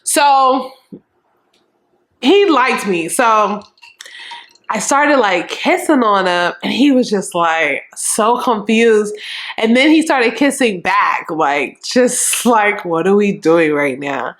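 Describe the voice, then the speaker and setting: A young adult woman vlogger telling a storytime in a frank, animated and profane way, acting out what people said. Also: medium pitch, slow. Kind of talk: casual storytime.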